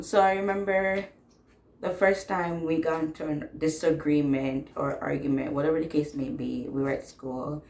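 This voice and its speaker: Young woman, low voice, blunt and sassy storyteller, casual vlog, echoey room. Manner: blunt, sassy, swears freely, laughs while telling. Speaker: vlogger telling a personal story.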